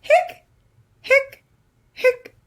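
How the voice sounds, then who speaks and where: A woman voicing a small male skeleton who hiccups in high, squeaky bursts. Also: very slow. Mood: hiccuping.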